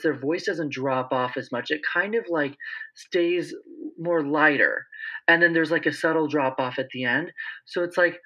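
A young man in his twenties, a guest explaining speech patterns in casual conversation, animated, with slightly sharpened S sounds. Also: mid-range voice. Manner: animated, lively, slips into imitated voices. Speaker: interview guest, speech-language pathology student. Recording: dull, lo-fi sound.

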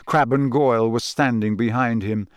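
A man reading a novel aloud as narrator, in a measured, even storytelling way, close to the mic. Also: medium pitch, clear, resonant tone, no echo. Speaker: audiobook narrator. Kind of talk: scripted narration.

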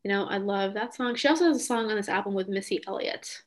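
A woman's voice: medium pitch, fast talker. A young adult woman hosting a podcast in casual chat, talking enthusiastically with frequent "um" and "like". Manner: enthusiastic, lots of "um" and "like". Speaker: podcast host.

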